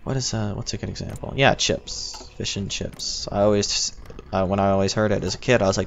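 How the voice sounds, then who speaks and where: Gravelly young American man streaming. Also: fairly low pitch, lively intonation, moderate pace. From United States. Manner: rambling, chatty, answers chat. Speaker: livestreaming gamer. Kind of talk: casual livestream chat. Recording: dull lo-fi stream audio with faint noise.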